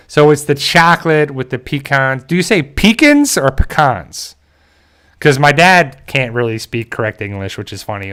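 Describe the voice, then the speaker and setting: A man chatting casually as a stream host, moving from one comment to the next in a loose, rambling way. He jokes often and breaks into easy chuckles, at an ordinary middle pitch for a man. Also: a bit bright, clean tone. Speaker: channel host reading viewer chat. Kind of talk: casual livestream chat.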